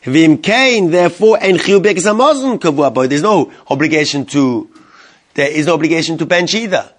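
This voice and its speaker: High-voiced man teaching a halacha class. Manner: translates Hebrew terms into English as he teaches, asks questions to the class. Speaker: Torah teacher. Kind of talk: Talmudic-style halacha class.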